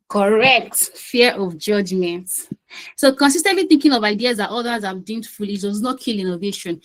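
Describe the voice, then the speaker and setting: A woman's voice: medium pitch, poor audio. A woman hosting an online quiz session on a video call, chatty and coaxing, often repeating herself. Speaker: quiz host and session facilitator.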